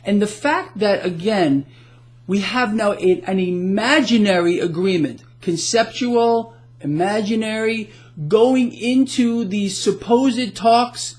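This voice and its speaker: Slow and high-pitched, this middle-aged man runs a casual market commentary blog with animation and sarcasm, often tripping into restarts.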